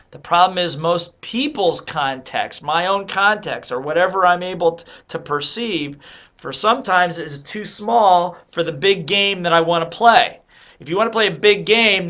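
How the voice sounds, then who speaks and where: A man's voice: high voice, fairly bright tone. Emphatic man giving a motivational talk. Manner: emphatic, coaching, asks rhetorical questions. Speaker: motivational speaker and author. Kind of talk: motivational monologue.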